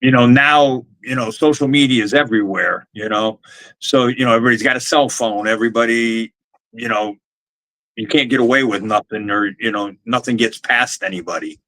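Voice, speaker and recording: Man, podcast co-host, halting speech, middle pitch, dry sound. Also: sharp tone, no room sound, low-quality recording. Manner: halting, full of "you know" fillers. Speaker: podcast co-host, former wrestler. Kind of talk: casual chat.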